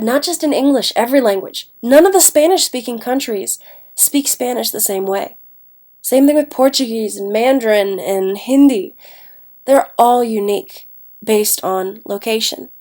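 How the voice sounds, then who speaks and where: A woman's voice: mid-range voice, a little mellow. A woman teacher giving a recorded lecture, congested and sniffling, chatty with fillers and self-corrections. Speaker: English teacher.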